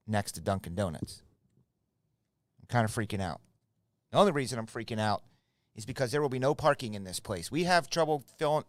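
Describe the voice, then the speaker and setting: A man's voice: medium pitch, dry recording. A middle-aged man hosting a live card break from his shop, chatting casually and rambling to viewers by name. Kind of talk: casual live stream chat.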